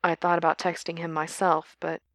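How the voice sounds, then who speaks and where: Rich: A sleepy young man, low and quiet, his words soft and tired, as a woman reading puts him on. The sound is dry and close. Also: flat delivery, a little fast, no echo.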